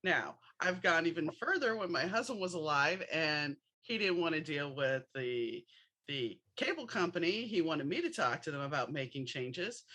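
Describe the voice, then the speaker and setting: Husky, lively woman podcast host. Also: sits low, moderate pace. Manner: chatty, frank, draws on personal stories. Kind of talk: casual interview chat.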